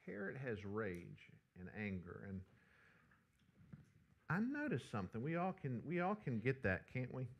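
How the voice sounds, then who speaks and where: Animated man preaching. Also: medium pitch, measured pace, creaky, muffled recording. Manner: animated storyteller, conversational. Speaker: pastor. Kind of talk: sermon with personal story.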